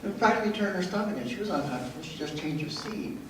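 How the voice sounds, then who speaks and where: A man's voice: sits high, animated, rapid-fire, background noise. A married man in the audience of a workshop, telling a story hesitantly with many fillers. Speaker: workshop participant. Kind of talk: telling an anecdote from the floor. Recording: echoey room recorded from far off.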